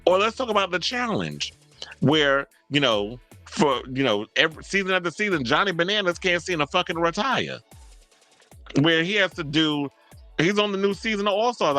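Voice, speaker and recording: A man rants in loose, profane, animated commentary, laughing often as he goes. His voice is bright and forward. Faint music runs underneath. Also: a little high. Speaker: host. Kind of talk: casual commentary monologue.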